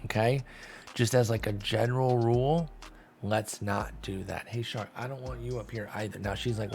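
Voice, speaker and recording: A man giving casual play-by-play commentary over a sim baseball game, calling out results quickly and joking. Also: fairly low pitch. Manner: animated, quick call-outs, self-deprecating laughs. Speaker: gaming YouTuber.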